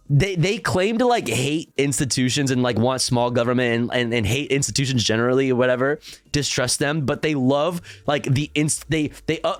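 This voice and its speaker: A man's voice: mid-range voice, no echo. Profane sarcastic man riffing. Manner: profane, sarcastic, rambling with many fillers. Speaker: streamer reacting to videos. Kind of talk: casual reaction commentary.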